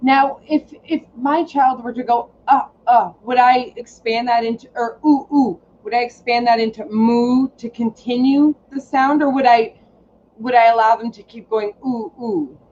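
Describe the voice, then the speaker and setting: A woman's voice: fairly high pitch, steady tone, normal speed, a little mellow. Woman host asking a follow-up, kinda muffled lo-fi sound w faint hiss. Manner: brief agreeing interjections. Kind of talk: interview questions. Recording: dull lo-fi sound with faint noise.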